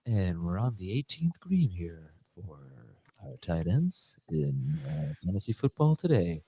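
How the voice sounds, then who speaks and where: A man putting on the voice of a hushed male golf tournament announcer, murmuring softly and slowly. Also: deep voice, sing-song, pitched below the performer's own voice. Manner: soft, hushed, slow murmur.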